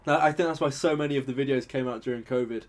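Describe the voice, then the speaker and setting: A young man, telling stories in casual chat, sweary and animated, acting out quotes loudly. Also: medium pitch, racing.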